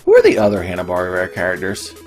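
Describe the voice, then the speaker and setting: A man's voice: deep voice, huge pitch swings, racing, faint music behind. A man hosting a gaming video, rambling and profane in casual commentary. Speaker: gaming channel host.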